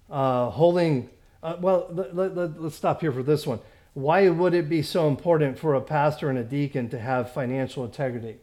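A man teaching a Bible study as a pastor, halting with many fillers and restarts, stressing points emphatically. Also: on the high side, a little mellow.

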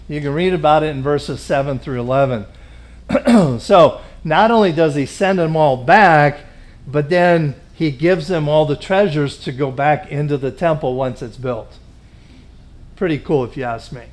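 A man preaching a Bible teaching, reading scripture and explaining it in a relaxed, conversational way with fillers and asides. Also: fairly high pitch. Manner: reads scripture aloud in King James wording. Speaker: pastor.

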